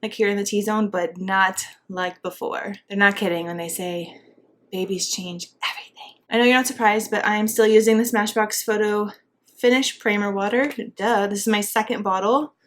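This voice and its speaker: A woman's voice: medium pitch, steady tone, normal speed, a little hiss or hum. A young woman chatting casually through a makeup tutorial, bubbly and full of fillers, a little out of breath as she talks. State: pregnant and out of breath. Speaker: beauty vlogger.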